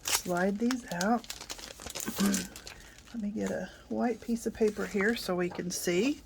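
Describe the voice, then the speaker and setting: A middle-aged woman reviewing and unboxing a craft kit in a casual, chatty way, with many ums and soft asides. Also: medium pitch, steady tone, slow, gravelly, background noise.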